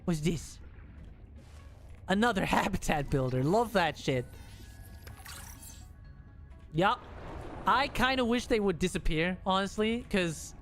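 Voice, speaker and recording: Male streamer, high voice, loose casual commentary with bursts of excitement and cursing. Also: measured pace, faint music behind. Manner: excitable, swearing, laughing chatter.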